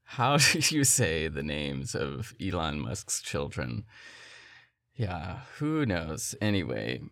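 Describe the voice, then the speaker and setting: A man hosting a podcast, telling stories in an animated, incredulous way in casual chat. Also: a bass voice, takes it slowly, dry recording, studio quality. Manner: animated, incredulous, laughing storyteller. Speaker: podcast host.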